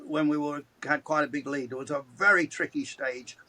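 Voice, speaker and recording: A man's voice: fairly high pitch, fairly even intonation, a little fast, bright, forceful tone, low-quality recording. A man in his seventies, a motorsport commentator chatting as a podcast guest, telling anecdotes with chuckles and frequent restarts. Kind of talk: anecdotal storytelling in conversation.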